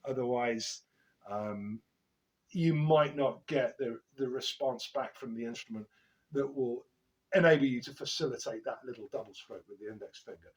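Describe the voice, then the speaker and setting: Brief: male drum teacher, mid-pitched voice, measured and explanatory. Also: rough recording. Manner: measured, explanatory, with frequent filler "uh". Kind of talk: instructional drum lesson.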